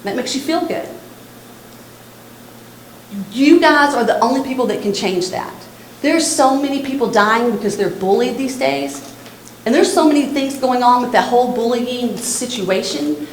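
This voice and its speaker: A woman's voice: on the high side, moderate pace, echoey room, a little hiss or hum, poor audio. A middle-aged woman from Texas with a Texan accent, speaking earnestly and directly to students at a church. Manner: earnest, repetitive, direct to young listeners. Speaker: suicide prevention speaker. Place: church hall.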